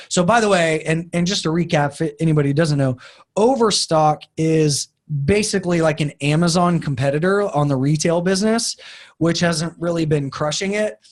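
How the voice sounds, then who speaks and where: A man giving a casual, enthusiastic webinar talk on crypto investing, chatty and full of fillers. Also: fairly high pitch.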